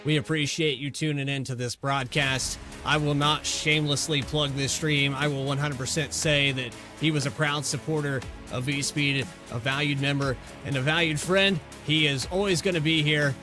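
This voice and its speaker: A male announcer wraps up a racing stream in a folksy, heartfelt way. His voice sits a little high, and music runs clearly underneath. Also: steady tone, moderate pace. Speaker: broadcast commentator. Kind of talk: race broadcast sign-off. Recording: music playing behind the voice.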